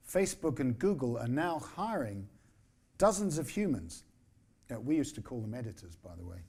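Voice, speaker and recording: A husky, mid-pitched man in his sixties addresses a conference as a newspaper editor. His speech is measured and emphatic, and he slips in dry, quick asides. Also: a little mellow. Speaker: newspaper editor giving a keynote.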